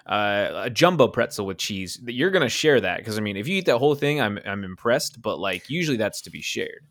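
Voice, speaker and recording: A man's voice: fairly low pitch, expressive, a little fast, a bit bright. A man co-hosting a podcast, chatting casually and talking himself in circles. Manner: rambling, second-guessing himself. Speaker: podcast co-host. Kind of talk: casual chat.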